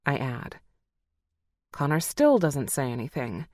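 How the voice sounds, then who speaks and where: A woman narrating a first-person romance audiobook, expressive and heartfelt, close to the mic. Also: sits low, normal speed, dry recording.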